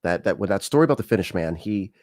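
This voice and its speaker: Man, American accent, very low voice, dry close sound, chatty storytelling, lots of ums and restarts. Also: lively intonation, fast talker, a little mellow, no room sound. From United States. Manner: conversational storytelling with frequent fillers and restarts. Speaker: show host. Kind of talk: live-streamed opinion talk.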